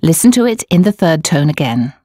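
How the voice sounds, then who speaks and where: Woman narrating a language course, lowish voice that moves around a lot, dry studio sound. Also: sing-song, dark tone, no room sound. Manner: clear, measured explaining of tones. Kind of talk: scripted instructional narration.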